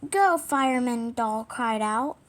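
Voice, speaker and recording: A woman's voice: a little high, takes it slowly, slight background noise. A woman reading a children's storybook aloud, stumbling over words and apologizing often, with the hiccups. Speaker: reader.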